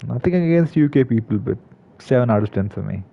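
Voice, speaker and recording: A man's voice: mid-range voice, expressive, fairly quick, gravelly. Hesitant man, slightly muffled recording. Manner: hesitant, many fillers and restarts. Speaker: gaming video creator. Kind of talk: casual commentary.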